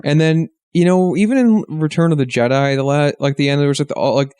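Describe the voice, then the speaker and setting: A man's voice: fairly high pitch, quick pace, warm tone, clean tone, no echo. A man co-hosting a podcast, upbeat and profane, steering the casual chat. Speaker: podcast co-host.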